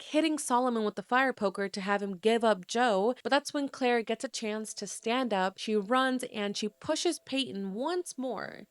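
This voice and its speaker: A woman's voice: a little high, dry recording. A young adult woman narrating a movie recap in a chatty, casual way, with many filler words.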